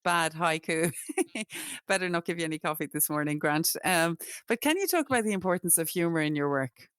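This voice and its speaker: A woman's voice: fairly low pitch, animated, brisk, fairly bright tone, clear, resonant tone, dry recording, studio quality. A woman hosting a radio books show, praising her guest with enthusiasm in an interview.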